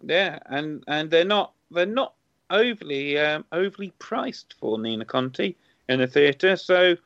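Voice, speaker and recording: Teasing comedian, lively voice. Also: male voice, fairly high pitch, measured pace, dry recording. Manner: playful, teasing and animated. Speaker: comedian, podcast regular. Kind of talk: casual comedy chat. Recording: dry, dull lo-fi sound.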